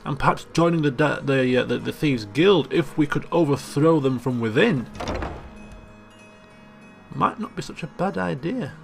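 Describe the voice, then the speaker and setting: A man's voice: fairly high pitch, lively intonation, moderate pace, vocal fry. A man giving chatty, joking commentary as he plays a video game. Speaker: let's play host. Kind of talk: casual gameplay commentary. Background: game music.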